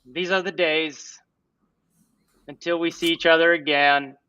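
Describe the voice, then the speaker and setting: Slow, bright-voiced goofy male streamer. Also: a little high, steady tone, clear, resonant tone, no echo, far from the mic, muffled recording. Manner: playful, giggly, breaks into goofy scat singing. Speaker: livestream host. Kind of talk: casual livestream chat.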